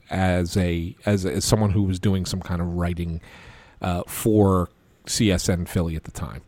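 A man's voice: sits low, dry recording. A man hosting a sports podcast, telling a long anecdote in a casual chatty way, full of restarts and quoted dialogue. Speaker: podcast host. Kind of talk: casual storytelling.

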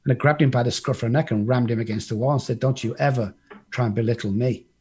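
A man's voice: medium pitch, quick pace, a little mellow, husky. An English man telling his life story in a blunt, casual way, swearing freely and acting out what other people said. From England.

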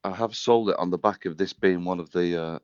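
A man's voice: sits low, fairly quick, clean tone, no room sound, highs cut off. A man with a Wigan accent from northern England, chatting matily as a rugby club manager in a radio interview from his office. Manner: chatty, matey, easygoing.

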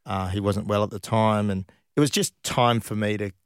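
Laid-back man, low voice. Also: steady tone, normal speed, clean tone, dry recording, studio quality. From Australia. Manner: chatty, laughs while telling stories. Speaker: former professional footballer, guest. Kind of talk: casual interview storytelling.

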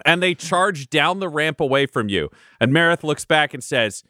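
A man's voice: a little high, animated, normal speed, pushed and bright, no room sound, clean studio sound. A man narrating a tabletop game as dungeon master, playful and dramatic.

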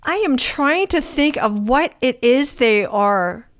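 A woman's voice: high voice, expressive, takes it slowly, no room sound, studio quality. A woman co-hosting a casual podcast, hesitant and searching for words as she talks. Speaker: podcast co-host. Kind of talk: casual chat.

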